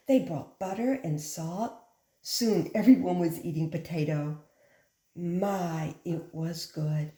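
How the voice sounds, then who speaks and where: A woman teacher reading a picture book aloud to children with expressive, dramatic pauses, then patiently explaining the lesson. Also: on the low side, reverberant. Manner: gentle, patient classroom explaining.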